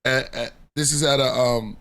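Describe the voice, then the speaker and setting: A man's voice: medium pitch, steady tone, normal speed, fairly bright tone. A man hosting a podcast in laid-back casual chat, laughing often and answering in short replies. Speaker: podcast host.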